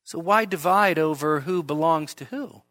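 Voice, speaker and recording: Middle-aged guy preaching in church, bright ringing voice, kinda high, keeps repeating stuff to hammer it home. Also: normal speed. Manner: earnest, emphatic, repeats phrases for stress. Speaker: pastor. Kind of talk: expository sermon.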